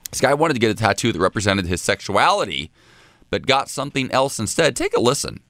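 A man's voice: mid-range voice, big pitch swings, fairly quick, fairly bright tone, dry recording, studio quality. A man co-hosting a morning radio show, chatting animatedly and laughing often. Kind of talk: casual radio banter.

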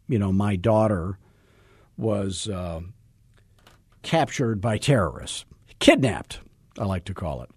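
A middle-aged man coaching real estate agents in a salesy, joking, energetic way. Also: lowish voice, husky, dry recording. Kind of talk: coaching podcast talk.

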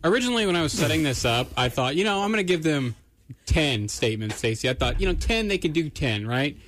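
Chill guy radio co-host, bit high voice, explaining the game. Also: animated, fast talker, fairly bright tone.

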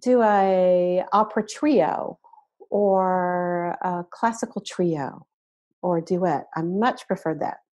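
A woman in her sixties with an Arkansas Southern accent, telling her story as a podcast guest in a relaxed, reflective way. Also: lowish voice, slow pace, lo-fi sound. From Arkansas, USA. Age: 60s. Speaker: guest voice teacher. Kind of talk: casual podcast interview.

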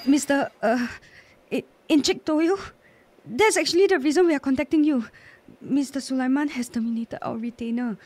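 A woman's voice: sits high, moderate pace, a little mellow, slight background noise, natural voice. An actress playing an anxious, polite young woman who talks hesitantly and formally. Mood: careful. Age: young adult. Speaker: exorcist's niece.

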